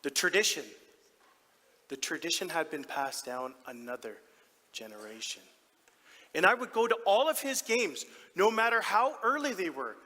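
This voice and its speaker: An actor playing a doting, proud middle-aged hockey dad in a theatrical stage monologue, telling his story in an animated, heartfelt way with sudden soft drops. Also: a little high, moderate pace, heavily acted. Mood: storytelling. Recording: long theatre hall reverb.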